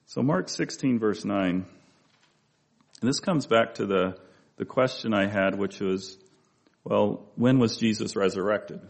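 A man's voice: fairly low pitch, a little slow, gravelly. A man preaching a conversational Bible-study sermon, with asides and restarts as he talks.

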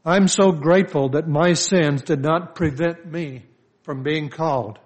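A man's voice: a little high, measured pace. An older man, a pastor, preaching a conversational sermon full of personal stories, often restarting his sentences. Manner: conversational, anecdotal, with frequent restarts. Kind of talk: storytelling sermon.

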